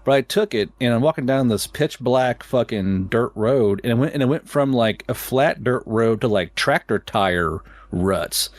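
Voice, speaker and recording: A man's voice: mid-range voice, animated, normal speed, few pauses, no echo. Rambling profane man telling a travel story. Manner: rambling, profane, stammering restarts, laughing. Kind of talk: casual storytelling chat.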